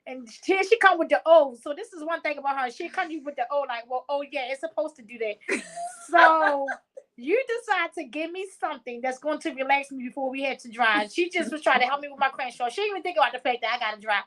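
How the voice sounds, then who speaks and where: Podcast host: woman, high and bright, lively storyteller who laughs a lot. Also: fast talker. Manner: lively, laughs often, colloquial. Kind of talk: casual chat, animated storytelling.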